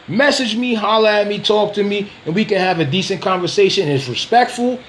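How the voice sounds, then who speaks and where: High-voiced man ranting in street slang. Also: animated, moderate pace, a bit bright, a little hiss or hum. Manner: confrontational, streetwise slang, repeats himself; laughs scornfully between lines. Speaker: dog breeder and vlogger. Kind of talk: casual video rant.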